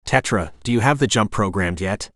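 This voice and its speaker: A man's voice: on the low side, moderate pace, fairly bright tone, no room sound, clean studio sound, natural voice. A man voicing a tough young female pilot who talks in a curt, blunt way and swears under pressure. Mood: tense.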